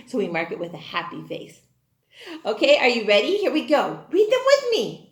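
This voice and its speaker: A woman's voice: on the high side, huge pitch swings, normal speed, echoey room. A woman teaching a recorded kindergarten phonics lesson, encouraging and sing-song as she sounds out words for the children. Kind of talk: recorded online class lesson.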